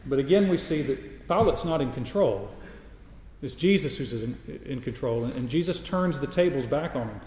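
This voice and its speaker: A man's voice: mid-range voice, lively intonation, moderate pace, darkish tone, heavy reverb, in a large hall, poor audio. A man preaching a sermon, reading scripture aloud and building his points through repeated emphatic phrases. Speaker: pastor.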